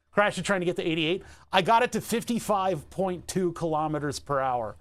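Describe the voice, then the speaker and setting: American man, nasal tone, somewhat higher pitch, casual live-stream talk, chatty and laughing. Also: moderate pace, fairly bright tone. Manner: rambling, chatty, laughs often. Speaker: livestreamer. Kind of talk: casual live-stream chat while working.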